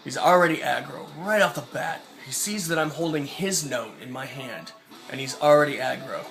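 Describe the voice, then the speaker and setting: A man vlogging, telling a story from his job as a mail carrier in a casual, profane, animated way. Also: mid-range voice, moderate pace, creaky, soft background music.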